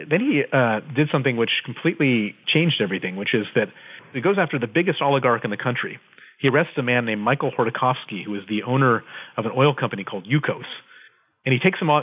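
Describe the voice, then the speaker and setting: Man telling a story over a tinny phone line. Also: medium pitch. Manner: vivid, dramatic storyteller. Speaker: interview guest. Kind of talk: conversational storytelling. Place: office.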